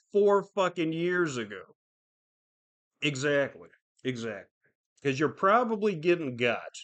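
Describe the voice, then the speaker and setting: Slow-talking profane man ranting. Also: fairly high pitch. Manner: profane, rambling, lots of fillers. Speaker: podcast host. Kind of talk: casual solo commentary.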